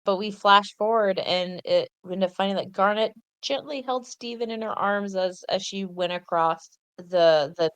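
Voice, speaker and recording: A woman's voice: mid-range voice, moderate pace, hardly any pauses, clean tone, no room sound. A woman co-hosting a cartoon recap podcast, chatting with enthusiasm and stopping to correct herself mid-thought. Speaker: podcast co-host. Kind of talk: casual chat.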